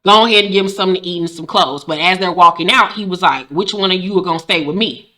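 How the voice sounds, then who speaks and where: A woman's voice: on the low side, bright, forceful tone. Sassy profane woman recapping a show. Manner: profane, sassy, acts out characters' lines in quick voices. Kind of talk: casual TV recap with commentary.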